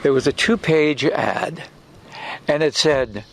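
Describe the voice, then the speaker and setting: An older man, an actor being interviewed, telling anecdotes in an animated way with restarts and acted-out quotes. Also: fairly high pitch, slow pace, gravelly, a little hiss or hum.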